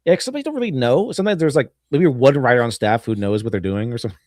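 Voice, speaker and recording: A man hosting a casual podcast, rambling through his points with lots of restarts and chuckles. His voice sits at an ordinary middle pitch. The sound is dry and close, with no room around it. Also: lively intonation, very fast, a little mellow, dry recording. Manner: rambling, laughs often, many restarts. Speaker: podcast host. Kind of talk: casual chat.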